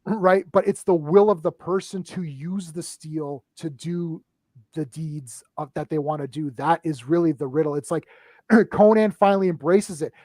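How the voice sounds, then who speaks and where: A man with a notably high voice, recorded dry and close with almost no room sound. He chats casually on a live stream, retelling movie scenes with animated excitement. He talks in quick bursts, restarts often and keeps checking in with "right?". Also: no room sound. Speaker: movie discussion panelist.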